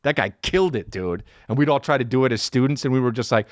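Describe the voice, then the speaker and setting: In this dry, studio-quality recording, a man in his thirties hosts a podcast and rants his way through a comic story at a slightly quick pace. He swears a lot and keeps leaping into silly high voices, mock characters and high sung syllables as he animatedly tells it.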